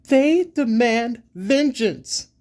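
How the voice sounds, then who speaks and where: A woman's voice: lowish voice, expressive, unhurried, mellow, voice pushed up. A man voicing a fierce, vengeful young woman warrior who speaks in a seething, scornful and insistent way.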